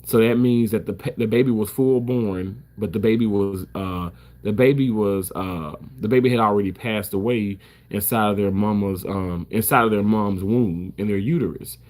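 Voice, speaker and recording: A man's voice: on the low side, normal speed, a little mellow. Emphatic, swearing man talking to camera. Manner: emphatic, repeats himself, swears freely. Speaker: surgical first assist. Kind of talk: casual talk to camera.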